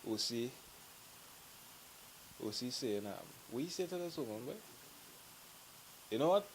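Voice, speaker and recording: A man with a Trinidadian accent tells stories with plenty of animation and laughter, slipping into the voices of his friends as he goes. His voice sits at an ordinary pitch, with a faint hiss in the background. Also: measured pace, poor audio. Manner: animated, laughing, acts out quotes. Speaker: group member telling stories. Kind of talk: casual storytelling to camera.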